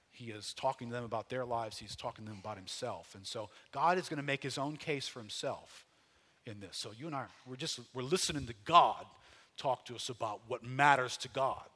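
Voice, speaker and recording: Bright-voiced preacher with a folksy swing. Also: male voice. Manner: conversational preaching, folksy asides, swells loud then drops low. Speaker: pastor. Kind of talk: sermon.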